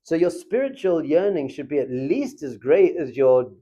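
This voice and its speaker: A rabbi gives an animated class in a classroom, with a voice that sits a little high for a man. He acts out everyday scenes as he teaches and keeps chuckling. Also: normal speed, muffled recording. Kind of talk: lively Torah lesson.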